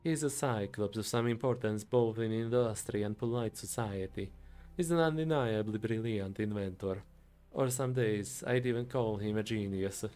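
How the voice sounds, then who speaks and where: A man voicing a proud, idealistic male engineer in a put-on Italian accent, declaiming loudly in a game voiceover. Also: lowish voice, moderate pace, faint music behind, natural voice. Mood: boastful.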